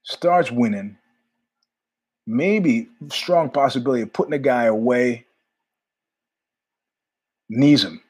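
Rambling husky-voiced male podcast host. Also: medium pitch, a little slow. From New York. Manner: rambling, animated, jumps between tangents with asides. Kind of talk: casual monologue storytelling.

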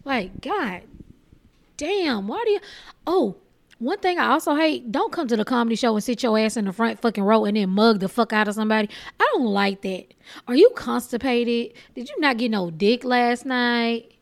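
A woman stand-up comedian from Texas, hosting her own podcast with a blunt, profane, animated comic rant. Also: on the high side, normal speed.

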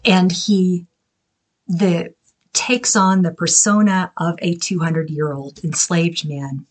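A woman hosting a podcast, explaining thoughtfully and haltingly, with many fillers. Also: on the low side, steady tone. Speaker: podcast host.

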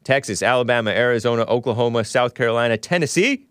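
A man's voice: mid-range voice, fast talker, a bit bright, clean tone, no echo, clean studio sound. A man hosting his own podcast, delivering solo political commentary in a combative, sarcastic rant with frequent restarts and self-corrections. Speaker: podcast host.

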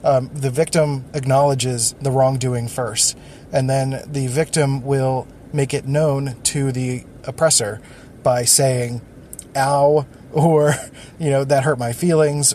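A man's voice: medium pitch, darkish tone. Male podcast host, solo, casual ramble, mid voice, slight background noise. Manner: rambling, thinking aloud with many fillers.

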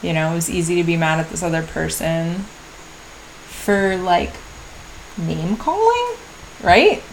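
A woman speaks in a slow, unhurried diary-style monologue and thinks aloud with frequent pauses and restarts. Her voice sits a little low. Faint ambient noise runs beneath the recording. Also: expressive. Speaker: podcast host. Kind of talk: reflective personal diary monologue.

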